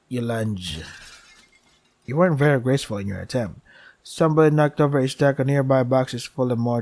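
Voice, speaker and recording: Playing a visual novel, a man voices its text and slips in wry, sarcastic remarks between lines, frequently sighing. Those comments fall quietly and low in his let's play.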